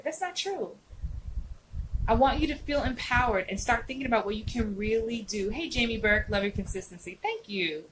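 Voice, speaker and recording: A woman's voice: a little high, normal speed, fairly bright tone, slight background noise, low-quality recording. A woman acting coach hosting a casual live stream, chatting animatedly and answering viewers' comments by name.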